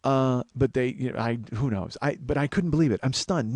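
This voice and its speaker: A man's voice: mid-range voice, brisk, few pauses, darkish tone, no room sound. A middle-aged man, a comedian and podcast host, telling a story as an exasperated, swearing rant. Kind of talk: storytelling monologue.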